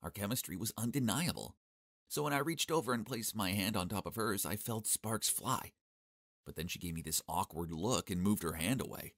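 Young guy telling a cartoon story, cocky and sarcastic, low voice that jumps around a lot. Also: animated, normal speed, fairly bright tone, dry recording, clean studio sound. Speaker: narrator. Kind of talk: first-person animated story narration.

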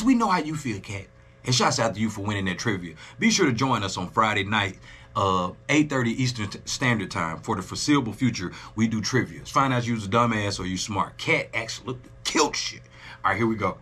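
A man hosting a music reaction video, joking loudly and talking straight to his viewers in a casual, profane way. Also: lowish voice, brisk, slightly rough. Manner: animated, joking, profane, talks to his audience.

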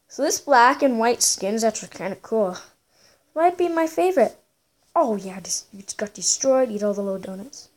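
A woman giving excitable gameplay commentary as a gaming YouTuber, full of gasps, exclamations and playful sing-song bits. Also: on the high side, moderate pace.

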